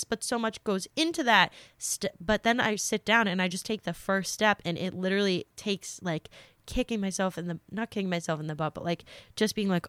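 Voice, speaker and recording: A woman's voice: medium pitch, moderate pace, fairly bright tone, no room sound. A young woman hosting a podcast, talking through listener questions in a chatty, earnest way with lots of fillers, a little sick. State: slightly sick. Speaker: podcast host. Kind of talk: casual advice talk.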